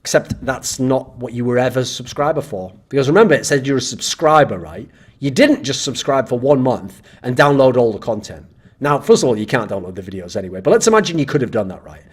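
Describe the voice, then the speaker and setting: Sarcastic, husky-voiced male commentator. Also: medium pitch, lively intonation, fast. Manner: sarcastic, exasperated, swears freely. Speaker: esports commentator and channel host. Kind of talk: ranting commentary on viewer comments.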